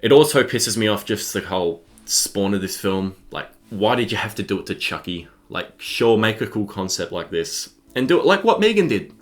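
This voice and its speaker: A man's voice: lowish voice, sing-song, moderate pace, hardly any pauses. A young man, ranting in an exasperated, profane film review. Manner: exasperated, profane, swears freely.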